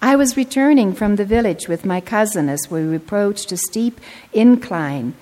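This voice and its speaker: An older woman pastor preaching a sermon, telling stories earnestly and slowing down to stress her points. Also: medium pitch, expressive, warm tone. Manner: earnest storytelling, slowing for emphasis. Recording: long reverb of a large hall.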